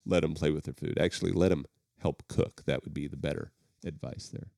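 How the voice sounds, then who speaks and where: A man's voice: extremely low pitch, fairly even intonation, brisk, vocal fry, mellow, no echo, clean studio sound. A man in his thirties co-hosting a casual podcast, laid-back and jokey. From Kansas. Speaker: podcast co-host. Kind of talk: casual chat.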